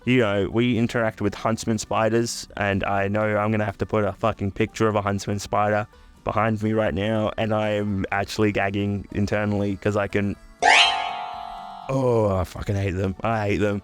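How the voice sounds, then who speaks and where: A young man with an Australian accent ranting casually to camera, sweary and blunt, with jokey asides and sudden high-pitched outbursts. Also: completely flat delivery, brisk, clean tone, soft background music. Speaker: YouTuber.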